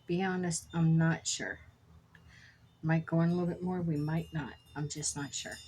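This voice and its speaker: A woman's voice: deep voice, fairly even intonation, normal speed, darkish tone, slight background noise, poor audio. A middle-aged woman chatting casually while making beaded jewelry, telling rambling stories with self-corrections. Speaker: jewelry crafter. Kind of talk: casual crafting vlog chat.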